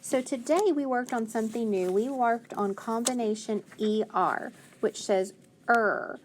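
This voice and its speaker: A woman teaching a phonics lesson to children, sounding out letters and words slowly and clearly. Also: on the high side, darkish tone, a little hiss or hum.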